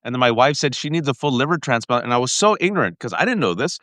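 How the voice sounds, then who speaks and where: A man earnestly recounting a family ordeal in an interview, halting often and restarting his sentences. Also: mid-range voice, very animated, fairly bright tone, no room sound. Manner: earnest, halting, with restarts and frequent direct address. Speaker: guest. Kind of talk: emotional personal storytelling in an interview.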